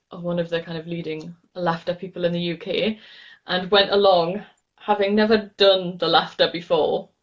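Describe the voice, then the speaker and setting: A cheerful woman with a Northeast English accent talks through laughter yoga in an interview. She is bubbly and breaks into laughter often. The sound is a little dull and lo-fi, like a video call. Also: lowish voice. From Northeast England. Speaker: laughter yoga teacher, guest. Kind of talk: enthusiastic interview, teaching demo.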